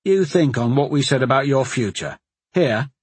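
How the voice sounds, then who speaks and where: A man's voice: medium pitch, lively intonation, normal speed, darkish tone, husky, no echo. A man voicing a blunt, skeptical male soldier in a fantasy audiobook. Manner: blunt, grumbling then encouraging.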